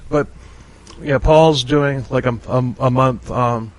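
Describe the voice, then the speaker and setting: A man's voice: mid-range voice, steady tone, poor audio. A man hosting a podcast in casual chat, rambling with many restarts and frequent laughs. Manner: rambling, halting, laughs often. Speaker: podcast host.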